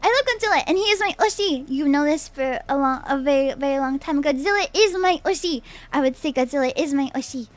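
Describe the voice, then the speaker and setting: A woman's voice: high voice, animated, fairly quick, few pauses. A young adult woman streaming as a VTuber, chatting casually and playfully with her viewers, laughing often and repeating her own phrases. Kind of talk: casual live-stream chat, reading chat aloud.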